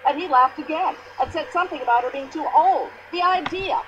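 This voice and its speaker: Actress as a shrill, pushy American widow. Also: female voice, a little fast, dull audio, noisy background, lightly acted. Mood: indignant. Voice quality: shrill, complaining, long-winded.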